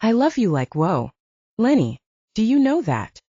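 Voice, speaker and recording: A woman's voice: mid-range voice, sing-song, a little slow, dark tone, slightly rough, no echo, dull audio, voice pushed up, full character voice. A woman narrator voicing a distraught young heroine, strained and self-deprecating, in an audiobook. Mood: wry. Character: distraught young woman, ashamed but wry.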